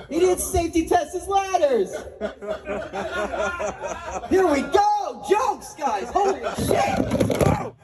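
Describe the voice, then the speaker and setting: A man's voice: very high voice, big pitch swings, a little slow, long pauses, background noise. A young man doing a stand-up comedy set at an open mic, self-mocking and swearing, laughing at his own jokes.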